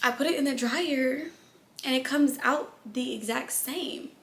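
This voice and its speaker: Casting: young woman, vlog storyteller, high and bright, blunt and profane. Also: measured pace. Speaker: vlogger.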